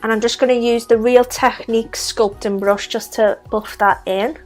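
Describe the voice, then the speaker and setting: A young woman who makes makeup videos narrates a casual tutorial step by step in a Liverpool Scouse accent, her voice on the high side with fairly even intonation at normal speed. She mixes in chatty, self-deprecating comments while faint music plays behind her.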